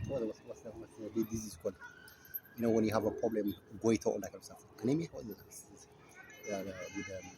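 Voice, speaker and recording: A man from Ethiopia tells a story in a lively voice that swings up and down, rambling and often tacking on "my friend." He is recorded outdoors in a park, with steady background noise under his voice. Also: medium pitch. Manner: rambling, keeps adding "my friend" and "okay?". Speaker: vlogger. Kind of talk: casual storytelling. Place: outdoors in a park feeding doves.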